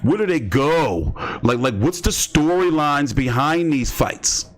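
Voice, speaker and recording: A man's voice: fairly high pitch, very animated, measured pace. A man hosting casual boxing commentary, rambling and joking with slang and lots of fillers. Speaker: host.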